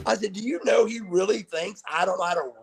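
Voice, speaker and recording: Middle-aged male guest, gravelly husky delivery, acts out the dialogue in his stories. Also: high-pitched, a little fast. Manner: animated storyteller who acts out quoted dialogue. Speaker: guest wrestler. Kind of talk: casual storytelling interview.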